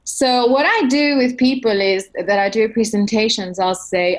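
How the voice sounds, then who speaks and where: A woman's voice: moderate pace, rough recording. A middle-aged woman, a voice coach and opera singer, talking in an interview and demonstrating how to colour the voice. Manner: animated, demonstrates vocal colour by shifting pitch. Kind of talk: conversational interview.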